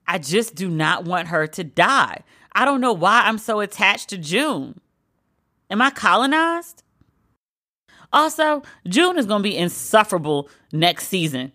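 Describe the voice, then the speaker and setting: A woman hosting a solo pop-culture podcast, talking in a sassy, sarcastic, animated way. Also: medium pitch. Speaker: podcast host.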